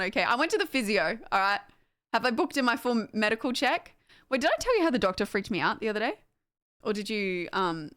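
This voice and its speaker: A woman's voice: mid-range voice, a bit bright. A young woman, livestreaming and chatting casually with her viewers, rambling with lots of fillers and laughter. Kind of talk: casual chat with stream chat.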